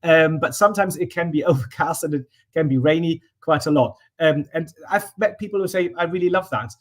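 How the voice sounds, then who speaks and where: Middle-aged guy hosting a panel q&a, fairly high voice, friendly, lots of restarts. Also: a little fast. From Germany. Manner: friendly, hesitant with many restarts. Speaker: moderator. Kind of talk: online panel Q&A. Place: indoors by a sunny window.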